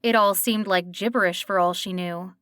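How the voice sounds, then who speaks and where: A woman narrates a cozy mystery in an even, storytelling voice of middle pitch. The recording is dry and close with no room sound. Her reading is steady and clear. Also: moderate pace, no echo. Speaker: audiobook narrator. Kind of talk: scripted narration.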